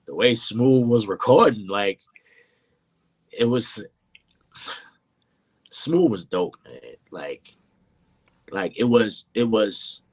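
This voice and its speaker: A hip hop producer and mixing engineer talks through his craft in a casual interview, often saying "you know what I mean." His voice is fairly low, his pace slow, with long pauses.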